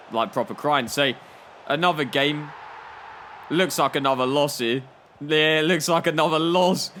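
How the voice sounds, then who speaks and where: A man's voice: mid-range voice, pushed and bright, a little hiss or hum. A young man telling playful, joking stories while commenting on a football video game. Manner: playful storytelling, laughing at his own jokes. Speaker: gaming YouTuber.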